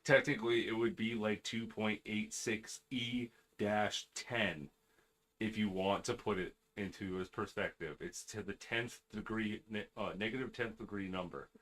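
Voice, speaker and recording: A man running a tabletop game with a fairly low voice. He narrates in a loose, rambling way, full of "um" and "like". He talks to his players at a conversational pace. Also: steady tone, unhurried, a bit bright. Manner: rambling, full of fillers and restarts. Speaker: game master.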